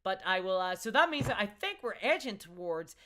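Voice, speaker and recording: A woman with a softened Northern Irish accent, chatting casually on a livestream, reading out viewer comments with frequent restarts and laughs. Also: mid-range voice, very animated, brisk. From Northern Ireland. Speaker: streamer.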